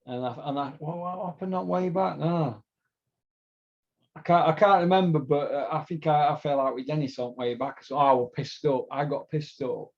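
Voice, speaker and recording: Middle-aged South Yorkshire podcast host, sweary, rambling storyteller, slightly high pitch, muffled lo-fi audio. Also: male voice, normal speed, gravelly. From Doncaster, England. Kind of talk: casual storytelling chat. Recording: dull lo-fi sound.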